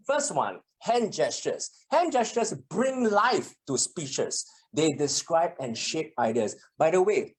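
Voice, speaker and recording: A public speaking trainer teaching a workshop in a meeting room that is also streamed to a video call, animated and acting out example sentences. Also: mid-range voice.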